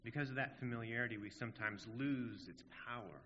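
A man's voice: medium pitch, fairly quick, pushed and bright, a little hiss or hum. A man preaching a sermon in an earnest, emphatic way, asking rhetorical questions. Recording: dull audio in a long-reverb hall.

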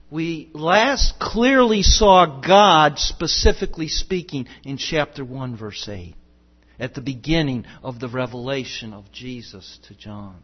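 A man preaching a sermon as pastor, emphatic and rhetorical, swinging between loud declarations and hushed passages. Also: a little high, animated, takes it slowly, highs cut off.

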